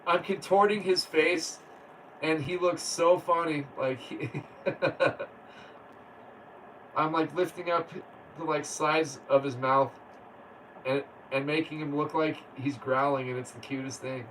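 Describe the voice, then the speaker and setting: A man chats casually on a livestream, reading comments aloud and laughing often. He talks slowly in a slightly high voice. The mic sits some distance away, with faint noise behind him. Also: steady tone, a bit bright. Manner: laid-back, laughs often, reads viewer comments aloud. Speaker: livestream host.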